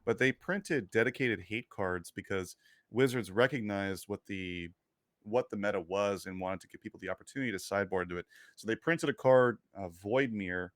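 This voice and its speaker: A man's voice: lowish voice, animated, moderate pace, a bit bright, no echo, studio quality. A man co-hosting a podcast who explains points at length and asks the others questions. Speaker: podcast co-host. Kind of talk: casual podcast chat.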